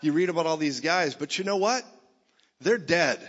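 A man preaching a lively sermon to a church gathering, joking with the crowd and rising to shouts. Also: on the high side, moderate pace. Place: church meeting hall. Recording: dull sound in a reverberant hall.

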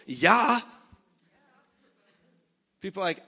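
Blunt, animated preacher in a big hall. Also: male voice, high-pitched, unhurried, long pauses, husky. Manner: animated, blunt, jokey, swings from loud to soft. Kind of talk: sermon. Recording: dull sound in a reverberant hall.

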